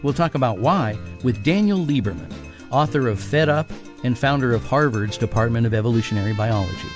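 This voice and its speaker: A man announcer reading a scripted radio promo smoothly. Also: medium pitch, lively intonation, a little fast, music in the background. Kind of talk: promo read.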